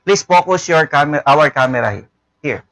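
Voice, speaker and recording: A man's voice: on the high side, animated, moderate pace, fairly bright tone, no echo, rough recording. A man with a Filipino accent teaching a classroom lesson, repeating himself and checking in with "no?" and "okay?". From Philippines. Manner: repeats words, tag questions "no?" and "okay?". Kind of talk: classroom lecture.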